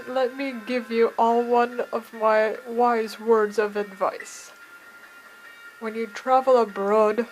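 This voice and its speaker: A woman's voice: fairly high pitch, poor audio. A woman voicing a jovial middle-aged male language teacher, theatrical and dropping foreign words, read aloud from a game. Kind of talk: reading game dialogue aloud.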